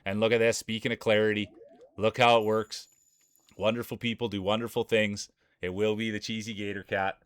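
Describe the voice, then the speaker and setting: A man streaming live commentary on a marble race, with energetic, joking hype-man banter. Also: lowish voice, fairly quick, no echo, clean studio sound.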